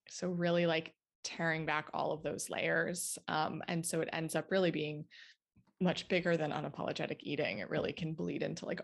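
Gravelly low-voiced woman guest. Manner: thoughtful, explanatory, many fillers. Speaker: guest dietitian and author. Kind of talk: interview answers.

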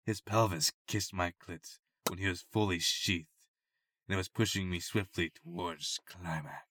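A man's voice: low-pitched, steady tone, a little slow, a bit bright, slight background noise. A man co-hosting a comedy podcast, reading erotica aloud and breaking into giggles. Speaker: podcast co-host.

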